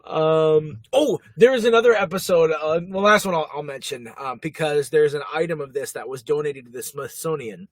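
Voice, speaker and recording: Guy on a podcast, a bit high voice, dry close sound, laughs a lot. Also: normal speed, few pauses, dry recording. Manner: chatty, laughs often, many fillers. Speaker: podcast co-host. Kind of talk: casual chat.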